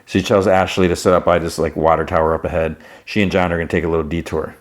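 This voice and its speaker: Deep-voiced man rambling through a show recap. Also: level tone, fast talker. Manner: rambling, with many restarts and "he's like". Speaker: podcast host.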